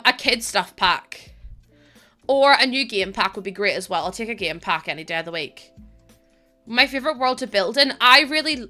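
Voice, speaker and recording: A woman's voice: a little high, sharp tone. A woman with a Northern Irish accent chatting casually on a live stream, laughing often and thanking viewers by name. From Northern Ireland.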